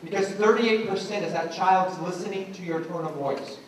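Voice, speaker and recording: A man's voice: high-pitched, moderate pace, a little hiss or hum. A middle-aged man giving a motivational talk to teachers, acting out voices as he tells stories. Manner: animated storyteller acting out voices. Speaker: education speaker. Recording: echoey room from a distance.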